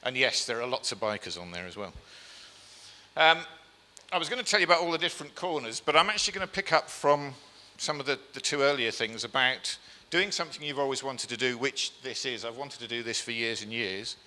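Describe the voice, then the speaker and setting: A man with lively intonation and a pushed, bright, medium-pitched voice speaks a little fast through a slide talk. Chatty and self-deprecating, he uses lots of ums and asks the live audience questions. The event hall gives a long reverb.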